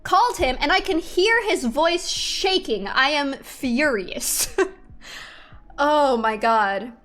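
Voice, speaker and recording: A woman's voice: high voice, sing-song, slow, fairly bright tone, faint music behind. A young woman streamer chatting casually to her viewers, venting with exasperation, swearing freely and laughing in disbelief.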